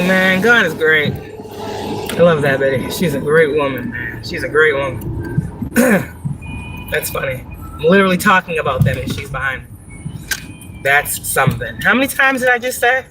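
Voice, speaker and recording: A woman's voice: lowish voice, lively intonation, moderate pace, long pauses, noisy background. A woman chatting casually on a live stream while driving, profane and rambling, laughing often. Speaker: spiritual vlogger. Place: in a car, driving. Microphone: phone.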